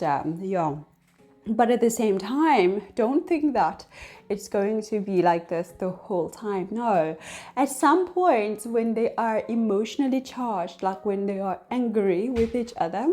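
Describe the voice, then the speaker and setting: Slow-talking chatty woman host. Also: mid-range voice. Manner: chatty, many fillers, acts out whispered and shouted examples. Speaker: astrology channel host. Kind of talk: casual explainer talk.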